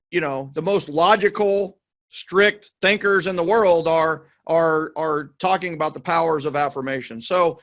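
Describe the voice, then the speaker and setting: A podcast host conducts a conversational interview in a fairly high, slightly bright voice. He asks questions enthusiastically, often repeats words and urges his listeners on.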